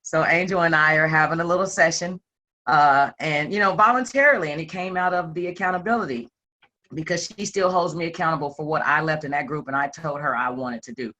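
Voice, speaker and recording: A self-employed woman telling a group her personal story with animated, playful delivery and acted-out quotes. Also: low-pitched, fairly quick. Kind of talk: candid personal testimony to a group.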